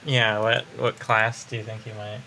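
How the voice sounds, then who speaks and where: A man's voice: on the low side, little pitch movement, moderate pace, creaky, bright, forceful tone, a little hiss or hum. A man co-streaming a game, chatting casually in a dry, teasing way. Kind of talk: casual gameplay chat.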